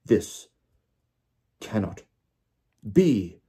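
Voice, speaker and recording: A man's voice: fairly low pitch, sing-song, drawn-out words, warm tone, breathy edge, heavily acted. Man doing a cold, curt, enraged official. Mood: disbelieving. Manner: snapping accusations. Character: cold, curt, furious middle-aged male official. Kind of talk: audiobook character voice.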